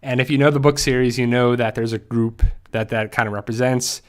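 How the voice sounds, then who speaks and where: A man hosting a casual livestream, talking haltingly with many fillers and restarts and growing emotional at times. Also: mid-range voice, fairly even intonation, clear, resonant tone. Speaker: YouTube channel host.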